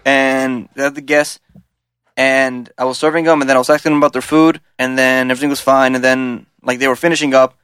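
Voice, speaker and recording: A man's voice: medium pitch, little pitch movement, brisk, a bit bright, smooth, dry recording. A young man from the San Francisco Bay Area telling a work story in casual, rambling chat, acting out the dialogue with lots of "like". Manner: rambling, acts out quoted dialogue with filler "like".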